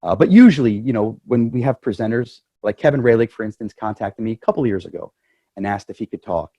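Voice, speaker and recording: A man's voice: fairly low pitch, animated, fast talker, dark tone, no room sound, lo-fi sound. A man speaking as club president, addressing the members over a video call in a chatty, joking way.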